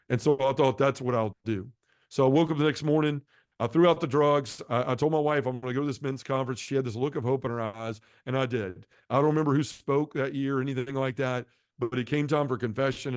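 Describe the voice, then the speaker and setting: A man's voice: medium pitch, a little mellow, no echo, clean studio sound. A man giving an earnest personal testimony as a guest, telling his story and acting out the dialogue along the way. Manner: earnest, acts out quoted dialogue. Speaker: podcast guest.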